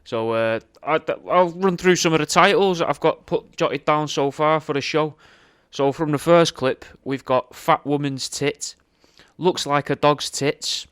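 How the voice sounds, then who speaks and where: A man hosts his comedy podcast, chatting in a relaxed, offhand way as he plugs his offers between clips. His voice comes across smooth and clear. It sits close on a dry microphone with no room sound. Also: fairly high pitch, unhurried, no echo. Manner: laid-back, plugging his own offers between clips. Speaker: podcast host. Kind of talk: casual podcast chat.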